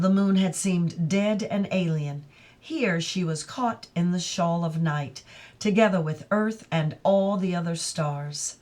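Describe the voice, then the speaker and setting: A woman reading a classic novel aloud in a careful, deliberate narration. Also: on the low side, darkish tone. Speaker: audiobook reader. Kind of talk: literary read-aloud narration.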